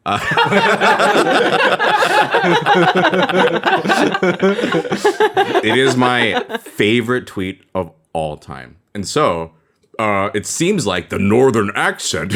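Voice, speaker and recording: A man running an improvised tabletop role-play as guest game master, playful and deadpan with laughing asides. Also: lowish voice, takes it slowly, pauses often.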